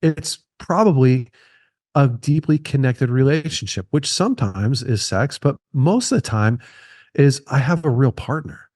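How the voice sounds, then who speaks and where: A man's voice: medium pitch, animated, measured pace, a little mellow, no room sound. Earnest man talking, dry close sound. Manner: earnest, repeats phrases for emphasis. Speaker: podcast guest. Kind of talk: conversational podcast interview.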